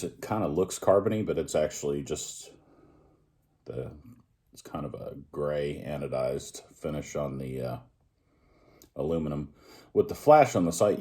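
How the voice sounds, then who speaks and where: A man casually chatting as he reviews a pipe, rambling and joking at his own expense while he smokes. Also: extremely low pitch. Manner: relaxed, rambling, joking at himself. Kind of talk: casual vlog chat.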